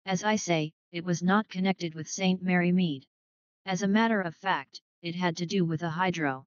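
A woman voicing a modest, gently rambling elderly spinster lady in a dry, dull recording. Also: fairly low pitch, moderate pace, no echo, lightly acted. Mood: gentle. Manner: modest, rambling, softly spoken.

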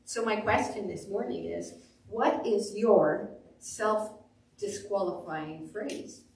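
A woman pastor preaching a sermon, telling stories with animated delivery and acting out quotes. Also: mid-range voice, slow pace, creaky, distant mic, slight background noise. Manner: animated storytelling, acts out quotes. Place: church sanctuary. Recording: echoey room, voice off the mic.

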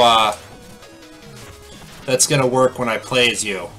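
A man chats playfully as he plays through a game. His voice is bright and crisp at an ordinary male pitch. Light music plays faintly behind him. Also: animated, takes it slowly, pauses often. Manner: playful, chatty, reacts aloud. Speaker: let's play host. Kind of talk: casual gameplay commentary.

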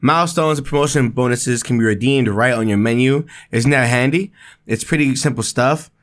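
A man reading aloud the lines of a friendly lab worker in a video game who explains the gear, in a lower, flatter voice than his own. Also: moderate pace, natural voice. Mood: explaining.

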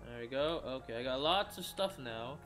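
A man's voice: medium pitch, lively intonation, normal speed, music in the background. Tired man rambling over gameplay. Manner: rambling, restarts sentences, swears casually. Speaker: gamer. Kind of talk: gameplay commentary.

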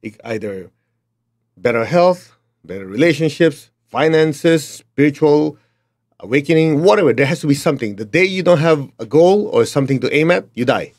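A man's voice: a little high, expressive, normal speed, darkish tone. Blunt middle-aged man with a Chinese accent. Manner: blunt, emphatic, direct. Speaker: motivational teacher. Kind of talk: motivational talk.

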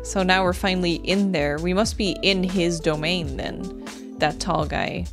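A woman's voice: on the low side, a little slow, vocal fry. A young woman commenting on a game as she plays, swearing freely and cheering herself on. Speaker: gameplay streamer. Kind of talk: let's play commentary. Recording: game music behind voice. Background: game music and rain sounds.

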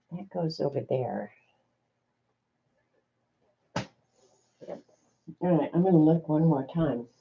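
A woman's voice: mid-range voice, slightly rough, highs cut off. A woman demonstrating a die-cutting and embossing machine to viewers, chatty and flustered as she thinks aloud. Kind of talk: casual craft demonstration to viewers.

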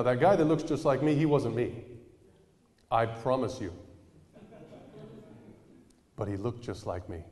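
A man preaching a sermon in a casual storytelling way, acting out the people in his anecdotes. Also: mid-range voice. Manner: animated storyteller, acting out quoted voices. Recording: reverberant hall.

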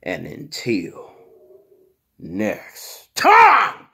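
A man's voice: high-pitched, wildly swooping pitch, drawn-out words, gravelly, pushed and bright, slightly rough, heavily acted. A man playing a swaggering, crude male mutant monster who calls people "human", telling a comedic story in the third person. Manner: boastful, profane, talks about himself in third person. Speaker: channel host.

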